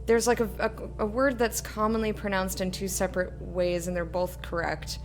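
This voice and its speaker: Chatty lady rambling thru a let's play, mid-pitched, goofy and self-mocking. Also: little pitch movement, moderate pace, soft background music. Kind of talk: casual gameplay commentary.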